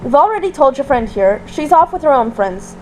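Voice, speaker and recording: A woman voicing a stern, dignified queen who speaks in a serious, measured tone. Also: high voice, very animated, darkish tone, slight background noise, rough recording. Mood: grave.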